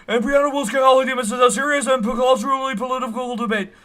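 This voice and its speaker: A man mockingly imitating a loud young male streamer who yells every single word with punchy emphasis. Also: high-pitched, lively intonation, a little slow, full character voice. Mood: mocking, shouting.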